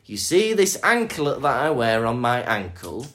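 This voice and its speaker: A man's voice: medium pitch, big pitch swings, measured pace, a bit bright. A man voicing a dying queen urging the king to remarry, in a told fairy tale. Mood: urgent. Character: dying queen giving last wishes.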